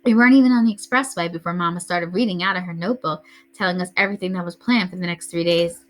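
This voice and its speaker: A woman teacher reading a first-person novel aloud to a class in a steady storytelling way. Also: lowish voice, quick pace.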